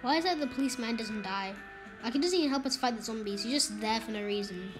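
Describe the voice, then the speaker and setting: A high-voiced woman chatters through a game, excitable and quick, tossing out jokes and complaints. Loud game music runs under her voice the whole time. It is casual commentary for a gaming video. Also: low-quality recording. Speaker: gamer, video host.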